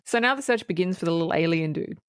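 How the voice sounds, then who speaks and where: Lively swearing woman podcast co-host. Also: lowish voice, quick pace, smooth, dry recording, clean studio sound. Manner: lively, swears freely, laughs often. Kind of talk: casual film review chat.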